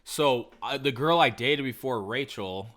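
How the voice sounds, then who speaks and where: A man's voice: mid-range voice, unhurried, a bit bright. A man telling a rambling, profane story in a casual podcast chat. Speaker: podcast co-host.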